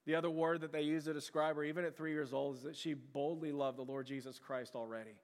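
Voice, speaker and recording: A man's voice: a little high, fairly even intonation, fast talker. A pastor preaching a sermon to his church in a conversational, earnest way, with frequent fillers and restarts. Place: church sanctuary. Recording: long hall reverb.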